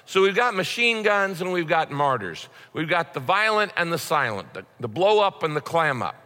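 A man's voice: a little high, big pitch swings, normal speed, bright, forceful tone. A man preaching a sermon as a pastor, in a conversational way with frequent repeated words. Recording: long hall reverb.

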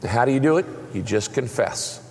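Gravelly preaching man in a hall. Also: animated, moderate pace, darkish tone. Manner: emphatic preaching with dramatic pitch swings. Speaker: pastor. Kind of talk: sermon. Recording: long reverb of a large hall.

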